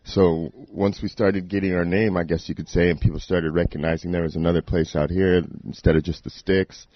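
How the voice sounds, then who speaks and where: A man in his forties with a very low, deep voice chats casually as a podcast guest. He rambles and swears easily, telling stories in a laid-back way. The audio is dull and lo-fi. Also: little pitch movement, brisk, no echo. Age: 40s. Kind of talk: casual chat.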